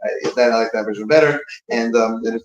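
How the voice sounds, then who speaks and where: Speaking briskly at medium pitch, a man gives an informal teaching talk between prayers in a synagogue room, rambling and starting over as he looks for words. The audio is dull and echoey, with a crowd in the background.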